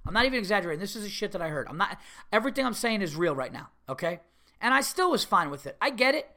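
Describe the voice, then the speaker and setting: A middle-aged man hosting a podcast, telling a story in a casual, animated and exasperated way, swearing freely. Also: high-pitched, very fast. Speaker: podcast host.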